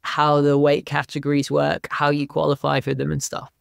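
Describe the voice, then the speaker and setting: A man hosts a podcast in a relaxed, reflective way and often brings in his own experience. His voice is fairly high for a man, with a gravelly fry under a smooth, resonant tone. The sound is dry and close. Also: moderate pace, no room sound. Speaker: podcast host. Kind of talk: casual podcast interviewing.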